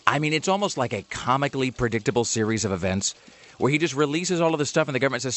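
A male radio host in loose on-air banter, talking quickly and rambling through fillers and restarts. He slips into animated little impressions as he goes. His pitch sits in an ordinary middle range.

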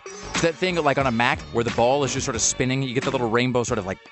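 Fast-talking male radio host. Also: mid-range voice, over music. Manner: rambling, wry and joking. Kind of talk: casual radio banter.

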